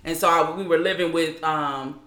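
A woman, as an interview guest, recounting a personal story in a halting way with frequent restarts. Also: low voice, steady tone, a bit bright, reverberant.

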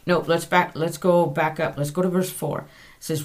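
A woman's voice: on the low side, steady tone, normal speed. A woman hosting a podcast, giving an earnest, conversational Bible teaching and correcting herself aloud as she goes.

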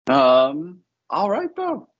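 A man's voice: a little high, huge pitch swings, drawn-out words. A man co-hosting a podcast, thinking aloud in hesitant, hedging casual chat, in muffled audio. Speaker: podcast co-host. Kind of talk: casual chat about a TV show.

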